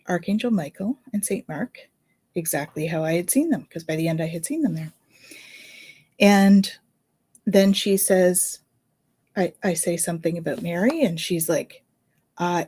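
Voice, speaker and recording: A middle-aged woman, a Reiki healer and medium, casually telling a story in a chatty, animated way. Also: fairly low pitch, slightly rough. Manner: chatty, animated, with fillers and laughs.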